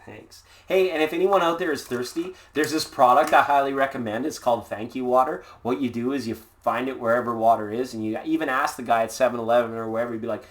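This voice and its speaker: A man's voice: medium pitch, fast talker, few pauses. A man hosting a casual live tarot reading, laid-back and upbeat, rambling with jokes and puns. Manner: playful, jokey, rambling with puns. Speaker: tarot reader and live stream host.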